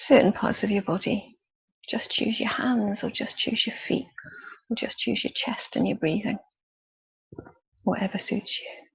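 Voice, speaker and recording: A woman leading a guided body scan meditation with slow, soft, calm instructions and pauses. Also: a little high, gravelly, husky, highs cut off. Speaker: youth worker leading a relaxation exercise.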